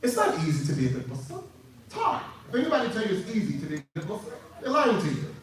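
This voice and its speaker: A man from the United States, giving an animated youth lecture that acts out dialogue and builds to shouted emphasis. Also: high voice, fast. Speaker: preacher. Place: large hall with audience. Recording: distant, echoey hall with faint noise.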